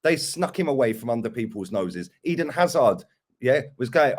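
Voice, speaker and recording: A man's voice: mid-range voice, lively intonation, a little fast. A young man ranting about football transfers in casual chat, mocking other fans. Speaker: football fan pundit.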